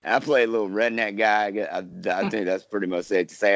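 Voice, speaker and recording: A man talks through a casual interview in a lowish voice, wandering and restarting his sentences with plenty of fillers. The sound is dry and close, with no room around it. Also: steady tone, fairly quick, hardly any pauses, fairly bright tone, no room sound, dull audio. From South Carolina, US. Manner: rambling, many fillers and restarts. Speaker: actor, podcast guest.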